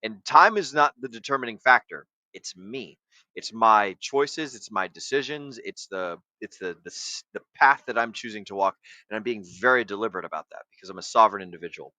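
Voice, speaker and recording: A man's voice: fairly low pitch, expressive, fairly quick, bright, forceful tone, no room sound, poor audio. A man hosting a casual talk show, lecturing a guest in a coaching, profane way. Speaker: podcast host. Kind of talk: casual livestream chat.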